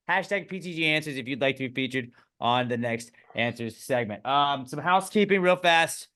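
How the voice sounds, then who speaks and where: A man hosting a podcast with joking, rambling talk and deadpan asides, reading listener questions. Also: mid-range voice, brisk, few pauses. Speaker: podcast host. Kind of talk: casual podcast banter.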